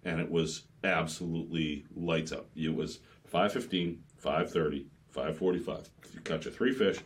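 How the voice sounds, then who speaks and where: A man's voice: extremely low pitch, moderate pace. A man with a New England accent, a fishing charter captain telling stories in a casual podcast chat. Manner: animated storyteller, acts out customers' lines.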